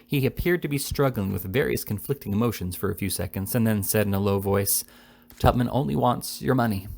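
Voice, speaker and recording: Gravelly male reader of a classic novel. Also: on the low side, quick pace, darkish tone. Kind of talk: reading a classic novel aloud.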